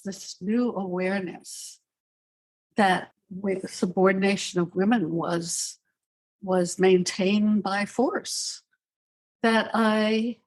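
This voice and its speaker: An older woman speaking as a psychiatrist guest in an interview, telling her story in a measured, thoughtful way with dry asides. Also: medium pitch. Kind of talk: reflective interview answers.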